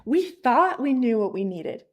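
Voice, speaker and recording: A woman in her thirties, a missionary telling a personal story at a ladies' ministry, animated and acting out quoted voices, with frequent fillers. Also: fairly high pitch, a little slow. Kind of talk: casual storytelling testimony.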